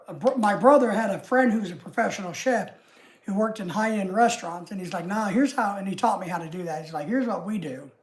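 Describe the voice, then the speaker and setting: A woman with a Southern US accent chats on her own livestream in a loose, rambling way. Her talk wanders from one aside to the next, homey and relaxed. Her voice sits at an ordinary middle pitch. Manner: rambling and homey, chatting easily with frequent asides. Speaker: livestream host. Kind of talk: casual livestream chat with viewers.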